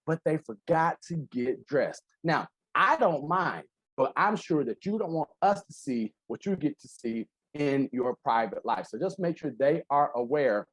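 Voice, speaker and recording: A man's voice: fairly high pitch, no echo. Joking man leading a video-call training. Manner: joking, lively teaching banter. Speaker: real estate trainer. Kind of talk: interactive training presentation.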